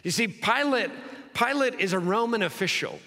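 A man preaching an expository sermon in a bright, high voice. He acts out the scenes in quick dialogue, then drops low and slow to press a point. His words ring out with a long hall reverb. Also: expressive. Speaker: pastor.

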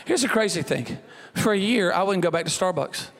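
Preacher, man, high and animated, church reverb; storyteller who acts out characters. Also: brisk, vocal fry, slight background noise. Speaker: pastor. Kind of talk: sermon with humorous story. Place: church hall. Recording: long church hall reverb.

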